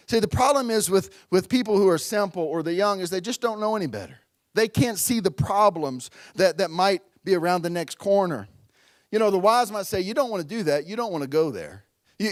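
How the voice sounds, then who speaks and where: A man's voice: sits high, no echo. A middle-aged man preaching a sermon at a church, conversational and storytelling, calling out to the congregation. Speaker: pastor.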